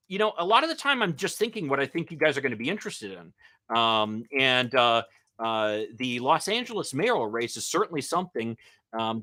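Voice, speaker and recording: Bright-voiced man hosting a halting live Q&A. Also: mid-range voice. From Michigan. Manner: halting, with frequent um and uh fillers. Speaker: political commentator hosting a live Q&A. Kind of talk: live-stream Q&A, reading viewer comments.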